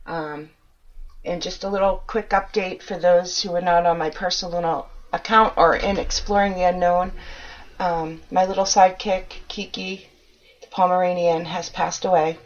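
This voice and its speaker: A woman podcast host with a New Hampshire accent, chatting casually and joking at her own expense. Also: fairly low pitch. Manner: joking, self-mocking, casually swears. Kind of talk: casual chat. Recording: dull lo-fi audio.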